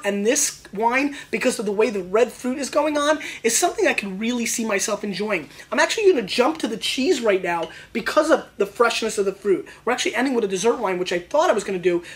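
Excitable man hosting a wine show. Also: very high-pitched. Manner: excitable, playful and slangy, riffs on flavors. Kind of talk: casual wine tasting review.

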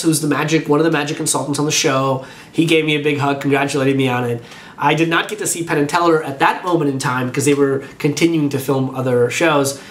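A man commenting casually on a video of his own performance, acting out what he was thinking at the time. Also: on the high side. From Orlando-based. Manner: animated, acts out his own inner thoughts. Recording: echoey room.

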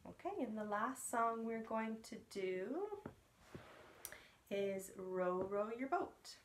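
A young woman leading parents through nursery rhymes and songs for babies, gentle and encouraging. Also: mid-range voice, slow, slight background noise. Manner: gentle, encouraging, sing-song. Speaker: early years program facilitator.

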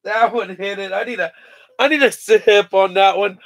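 Man, bright tense voice, dry close sound, casual card break chatter, laughing, reading off names. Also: high voice, fairly even intonation, moderate pace, no echo. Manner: joking, laughing, rattling off player names. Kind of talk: casual live card-opening chat.

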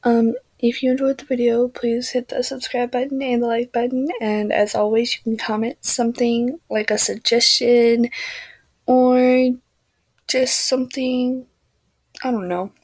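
A tired woman, an ASMR creator, rambling softly and half-whispering as she signs off to viewers. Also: on the high side, flat delivery, a little slow, slightly rough, dry recording. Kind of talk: casual outro to viewers.

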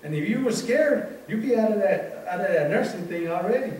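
A man giving an informal sermon as a church elder, telling a story from work with many halting restarts. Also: high-pitched, expressive, darkish tone, far from the mic. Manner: repetitive, halting restarts, conversational. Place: church sanctuary. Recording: very echoey room, voice off-mic, faint noise.

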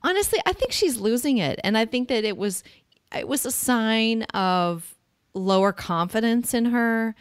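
A woman's voice: on the high side, animated, a little slow, clean tone, dry recording, clean studio sound. A woman hosting a podcast, giving blunt, opinionated views in casual political chat. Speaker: podcast host.

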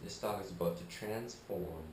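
A man's voice: deep voice, moderate pace, distant mic. A man vlogging casually while he bathes his dog, coaxing and scolding it and joking in between. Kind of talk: casual vlog chatter. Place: bathroom, at the tub. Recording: echoey bathroom, off-mic, loud music behind.

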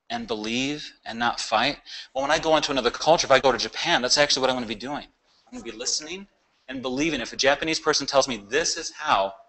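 A man in his forties, a therapist leading a workshop, talking in an emphatic, animated way and often asking "right?". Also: medium pitch, poor audio. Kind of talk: informal workshop talk.

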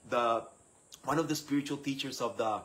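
A man from Rica, telling a personal story in an animated way, laughing and acting out what others said. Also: medium pitch, normal speed, rough recording. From Costa Rica. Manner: animated, acts out quoted voices, laughs often. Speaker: speaker sharing his personal story.

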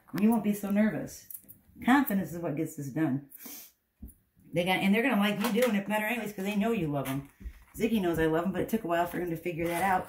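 A woman's voice: on the low side, a little mellow. A woman dog groomer giving a hands-on grooming tutorial, chatty and reassuring, talking to the dog as she explains. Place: grooming room, indoors. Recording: echoey room with faint background noise.

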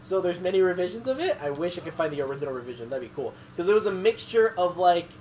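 A man's voice: high-pitched, very animated, fast talker, darkish tone, slight background noise, poor audio. A man casually chatting while playing a video game, rambling and full of restarts and "like". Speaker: let's play commentator. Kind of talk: casual chat over gameplay.

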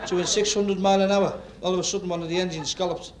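A stand-up comedian with a Liverpool accent works a working men's club, his high-pitched voice moving quickly with little variation in pitch. His routine is brash and full of banter, and he chats freely with the crowd. The hall echoes, and there's background noise.

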